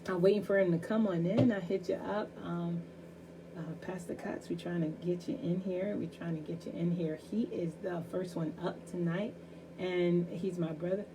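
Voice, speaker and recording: A woman's voice: steady tone, normal speed, a little hiss or hum, low-quality recording. A woman hosting a live online talk show, talking casually with many fillers and eagerly repeating herself. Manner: gets louder and higher calling to a guest.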